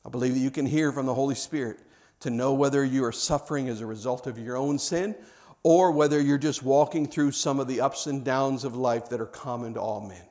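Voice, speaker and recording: A man preaching a sermon, swinging from hushed, reflective stretches to loud, impassioned ones. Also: medium pitch, brisk.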